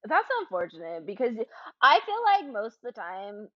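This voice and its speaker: A woman's voice: medium pitch, wildly swooping pitch, normal speed, no room sound, muffled recording. A woman co-hosting a podcast in casual chat, emphatic and blunt, swearing and laughing often. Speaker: podcast co-host.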